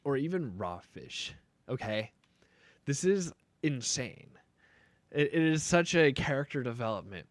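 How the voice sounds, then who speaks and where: A man's voice: medium pitch, moderate pace, no echo. A young man chatting casually on a live stream while making beats, joking and rambling playfully.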